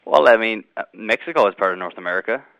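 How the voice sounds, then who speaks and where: A man's voice: fairly low pitch, animated, fast, creaky, a bit bright, no room sound, low-quality recording. A man from Canada, hosting a casual interview in an easygoing way. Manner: easygoing, laughs often. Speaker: radio show host.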